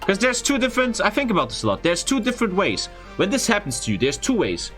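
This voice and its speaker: A young man, a streamer, telling a story in casual, profane, expressive chat. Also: high voice, fast, faint music behind. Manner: profane, expressive, frequent swearing.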